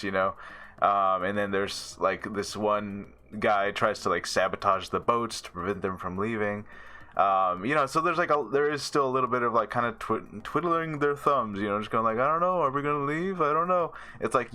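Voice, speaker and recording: Male reviewer, low-pitched and bright, loose rambling delivery full of fillers. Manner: rambling, many fillers and restarts, laughs often. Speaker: show reviewer. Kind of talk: casual video review.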